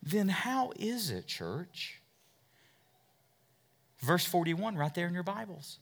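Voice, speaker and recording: A middle-aged male pastor preaching a sermon in a church, asking the congregation questions and swinging from loud, emphatic lines to hushed, near-whispered appeals. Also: high voice, sing-song, takes it slowly, vocal fry, long pauses. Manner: asks the congregation questions and repeats words as he builds.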